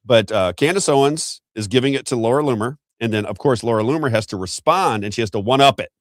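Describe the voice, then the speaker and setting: A man's voice: mid-range voice, dry recording, clean studio sound. An American man hosting a political talk show, giving emphatic, unscripted commentary and repeating his points. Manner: fast, emphatic, repeats himself.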